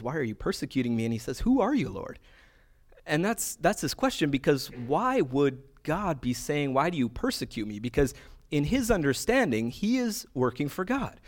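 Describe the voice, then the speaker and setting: A pastor preaching a conversational sermon, mixing scripture reading with playful asides. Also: male voice, mid-range voice.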